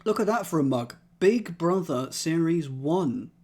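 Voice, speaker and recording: A man's voice: fairly high pitch, expressive, measured pace, dark tone. A man streaming, thinking aloud as he solves a crossword and chats with his live chat, methodically trying out letters and words.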